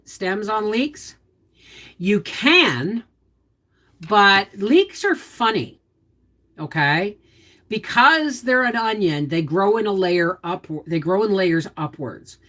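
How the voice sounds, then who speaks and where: A woman hosts a casual livestream in a chatty, folksy manner, explaining cooking and gardening tips. Her pitch moves in a lively, animated way as she talks. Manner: chatty, explains cooking and gardening while answering viewers' comments; folksy, down-to-earth. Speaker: homestead channel host.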